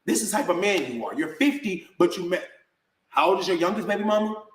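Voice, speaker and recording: A man's voice: high voice, lively intonation, fast. A man in a heated, confrontational rant to camera, answering his critics in slangy talk and calling people "bro" again and again. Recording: echoey room.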